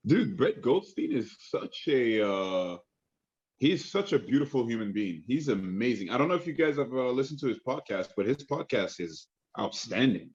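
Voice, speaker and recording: A man's voice: medium pitch, sing-song, moderate pace, a little mellow, muffled recording. A man being interviewed as an actor guest, talking enthusiastically with many fillers and restarts. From Canada. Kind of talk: casual interview chat.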